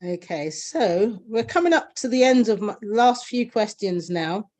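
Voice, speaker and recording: A woman's voice: medium pitch, expressive, a little slow. Host: woman, middle voice, friendly and talkative, reads from a list of questions. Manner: warm, laughs often, chatty. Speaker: interview host. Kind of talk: casual interview.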